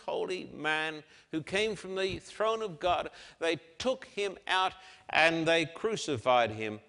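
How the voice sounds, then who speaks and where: A man delivering an emphatic sermon in a bright, somewhat high voice, rising to loud declarations and dropping to near-hushed softness. His words carry a long reverb from a large hall. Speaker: preacher. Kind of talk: dramatic sermon with scripture reading.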